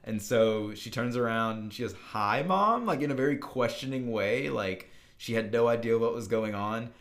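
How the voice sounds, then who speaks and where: A man's voice: medium pitch, steady tone, moderate pace. A young man co-hosting a podcast, casually telling a long story with many fillers and restarts. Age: young adult. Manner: rambling, full of fillers and restarts. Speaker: podcast co-host.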